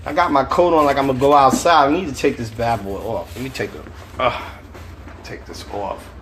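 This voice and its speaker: A man's voice: medium pitch, normal speed, a bit bright, slight background noise. A man, an author, reading from his novel on a phone livestream and chatting casually with viewers in slangy talk. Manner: casual, slangy, chuckling often.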